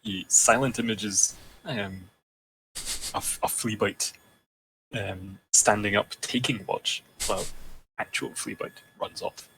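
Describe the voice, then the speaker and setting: A man explaining his plan in a tabletop game, halting with many ums. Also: on the low side, steady tone, bright, forceful tone, a little hiss or hum, rough recording. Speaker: player. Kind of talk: casual chat in a tabletop game.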